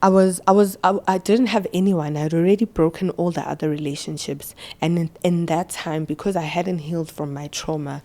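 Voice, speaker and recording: Brief: young South African woman, low voice, isiZulu-flavored English, halting interview storytelling with stammered restarts. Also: steady tone, mellow. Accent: South African, mixing isiZulu and English. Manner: switches between English and isiZulu mid-sentence. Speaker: podcast guest.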